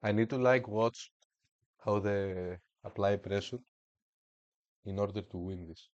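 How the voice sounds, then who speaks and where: A man's voice: fairly low pitch, a little slow, darkish tone, no echo, highs cut off. A man giving casual, hyped commentary while streaming a football management game, with playful, slangy trash talk. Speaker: gaming streamer.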